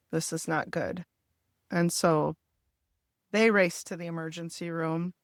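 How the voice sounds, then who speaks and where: Her voice on the low side, a middle-aged podcast host recounts a family crisis openly and emotionally, repeating others' words as she tells her story during an interview. It's clean studio audio without room sound.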